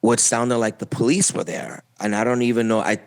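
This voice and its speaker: A young adult man from Puerto Rico telling his own story as a podcast guest, halting with frequent fillers and restarts. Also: medium pitch, flat delivery, clear, resonant tone, dry recording. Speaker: interview guest. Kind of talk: personal testimony.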